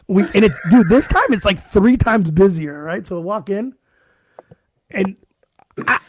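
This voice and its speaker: A man's voice: sits high, animated, measured pace, slight background noise. A man hosting a podcast, telling a wild story in casual, profane chat and breaking into laughter. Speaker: podcast host.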